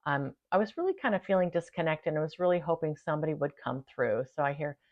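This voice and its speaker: A woman hosting her own channel, chatting casually to viewers, laughing easily and thanking them warmly. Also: deep voice, lively intonation, fast talker, muffled recording. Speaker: channel host. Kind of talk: casual talk to camera.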